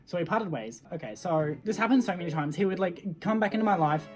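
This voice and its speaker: A teenage girl rants to camera in a loose, rambling way, her voice sitting a little low for her age. She leans on fillers and acts out what people said. Guitar music plays clearly underneath. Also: lively intonation, quick pace. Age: teens. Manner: chatty, filler-heavy, acts out quotes. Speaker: vlogger. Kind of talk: casual storytelling rant.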